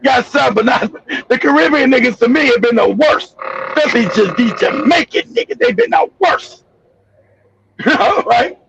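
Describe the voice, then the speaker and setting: A man with a very high, gravelly voice rants through heated stream commentary. He shouts and curses often and trips over repeated words as he goes. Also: expressive, normal speed, highs cut off, a little hiss or hum. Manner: shouting, profane, ranting. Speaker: host. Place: home streaming setup.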